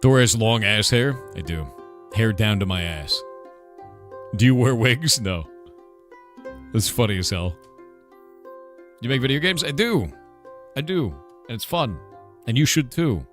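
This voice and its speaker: A man's voice: mid-range voice, expressive, measured pace, pauses often, soft background music. A man in his forties, a game developer and streamer, chatting casually, rambling, laughing often and swearing offhandedly. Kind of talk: casual livestream chat.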